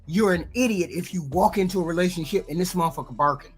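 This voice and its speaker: A woman's voice: on the low side, quick pace, breathy edge, soft background music. A woman giving blunt, profane reaction commentary on dating, lecturing her audience. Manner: blunt, lecturing, heavy swearing.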